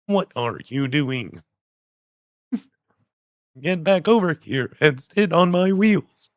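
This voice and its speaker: A man putting on a creepy old man who speaks through a crude robotic speech voice. He crawls along at a very slow, mechanical pace, pitched high. The sound is dry and close, with no room around it. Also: no echo. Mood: leering. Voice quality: flat synthesized-sounding robotic delivery. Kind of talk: comedic impression on a stream.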